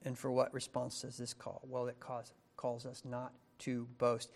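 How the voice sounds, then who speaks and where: A man preaching a sermon, emphatic, with rising stressed questions and slow deliberate phrases. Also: mid-range voice, completely flat delivery, creaky. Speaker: pastor.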